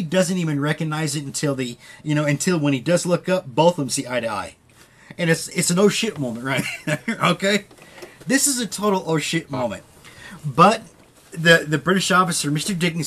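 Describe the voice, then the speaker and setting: A man's voice: a little high, very animated, a little fast, a bit bright. A man hosting a podcast, casually retelling a story with loose quoted dialogue and frequent swearing. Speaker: podcast host.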